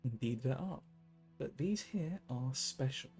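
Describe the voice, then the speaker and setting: A man's voice: medium pitch, expressive, a little slow, a little mellow, faint music behind. A man voicing a good-natured miner uncle who teases his niece in a folksy way, reading game dialogue aloud. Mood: teasing.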